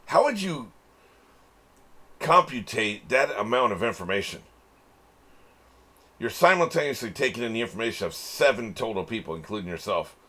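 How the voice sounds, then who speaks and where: A man with a very low voice talks through an episode as he watches, musing aloud in loose reaction commentary. He drops casual swears and chuckles as he goes. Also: bright, forceful tone. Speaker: anime reaction channel host.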